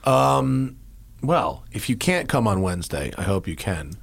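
Playful, animated podcast host. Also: male voice, fairly low pitch, a little slow, vocal fry, husky. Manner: joking, profane, playful. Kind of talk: casual podcast chat.

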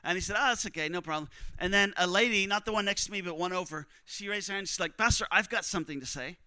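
A young man preaching, telling a missionary story with strong emotion, often dropping to a hush for other people's words. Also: sits high, quick pace, clear, resonant tone, no room sound. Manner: emotional, quotes others in hushed voices. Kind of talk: sermon storytelling.

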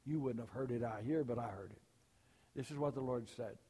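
Older man preaching with folksy warmth. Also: a little fast, husky, long reverb tail. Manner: folksy storytelling, rises loud and high for punchlines. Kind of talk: sermon.

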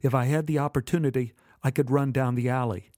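A man telling a first-person memoir story in a measured, dramatic way. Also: medium pitch, steady tone, dark tone, no room sound, clean studio sound. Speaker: narrator.

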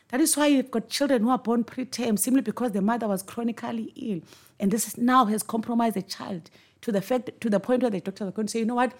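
A woman's voice: medium pitch, a little mellow. A woman hosting a podcast, speaking in an earnest, emphatic monologue and repeating words for stress. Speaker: podcast host. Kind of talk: reflective monologue on parenting.

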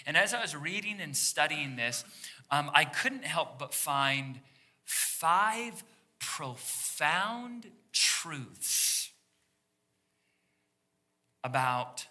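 A man's voice: on the high side, a little slow, sharp tone. A man preaching a sermon to his congregation, drawing them in with call-and-response questions and playful teasing asides. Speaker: pastor. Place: church service before a congregation.

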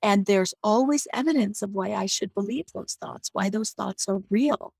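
Gravelly, husky woman on a video call. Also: mid-range voice, moderate pace, darkish tone, no room sound, low-quality recording. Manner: earnest, reflective, with frequent restarts. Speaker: guest on a faith discussion call. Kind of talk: casual faith sharing. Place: home near an air base.

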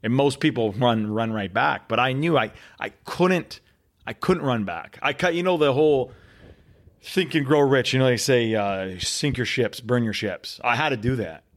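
A man in an interview, telling his story earnestly with dramatic pauses and repeated words. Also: medium pitch. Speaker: podcast guest.

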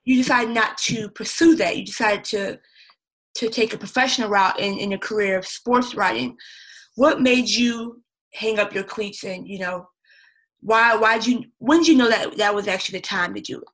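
A woman's voice: mid-range voice, moderate pace, fairly bright tone, rough recording. A woman hosting an interview show, asking questions in a casual conversational way with frequent fillers. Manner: conversational, frequent likes and you knows.

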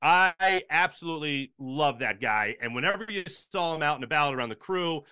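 A man from Philadelphia spins a backstage sports story with a bright, forceful voice that sits a little high for a man. He jumps up in pitch whenever he acts out someone else's lines. The room is dry, with the mic close. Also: expressive, normal speed, clean tone, no room sound. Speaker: podcast guest, sports broadcaster. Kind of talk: casual storytelling chat.

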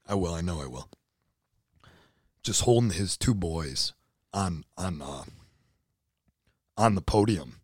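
A man in his thirties with a hoarse, worn-out voice, talking in a casual, earnest and emotional way and swearing freely. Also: low-pitched, lively intonation, takes it slowly, pauses often, no echo, clean studio sound. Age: 30s. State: hoarse, voice nearly gone. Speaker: podcast co-host, CrossFit athlete. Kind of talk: casual chat.

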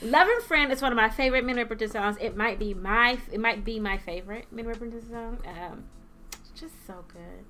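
A woman's voice: on the high side, fairly quick, pushed and bright. A woman co-hosting a casual chat, joking and teasing. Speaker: co-host.

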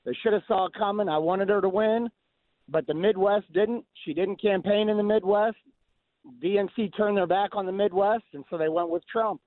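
A man's voice: high-pitched, fairly even intonation, normal speed, no echo. A male caller on a radio call-in show, plainspoken and matter-of-fact. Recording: tinny phone line.

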